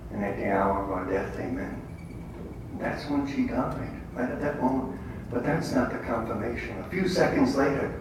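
An older man giving a faith talk to a group, telling stories with quoted dialogue in an emphatic way. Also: medium pitch. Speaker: lay speaker at a prayer meeting. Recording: echoey hall, distant mic, faint background noise.

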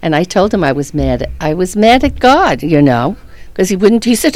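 A woman's voice: fairly low pitch, very animated, normal speed, darkish tone, no echo. A middle-aged woman earnestly telling a personal faith story, often laughing as she speaks. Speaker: guest.

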